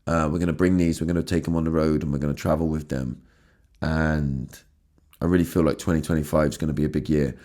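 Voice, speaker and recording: A man's voice: extremely low pitch, fairly even intonation, fast, mellow. A man hosting his own podcast, talking earnestly and emotionally, often stumbling and restarting his words, with casual swearing. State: emotional, has been crying. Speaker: podcast host. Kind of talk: emotional solo podcast monologue.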